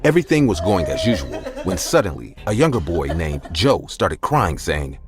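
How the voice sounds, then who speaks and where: A man with a very deep voice narrates a first-person tale, his pitch rising and falling expressively. Soft music plays quietly behind his telling. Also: sing-song, normal speed, hardly any pauses. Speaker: storyteller.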